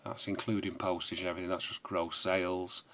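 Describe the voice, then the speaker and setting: A man with a somewhat low voice chats casually to camera about his sales. He rambles and drifts onto tangents. His talk is peppered with hesitant fillers and self-deprecating remarks. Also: level tone, fairly quick, fairly bright tone. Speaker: online seller and vlogger.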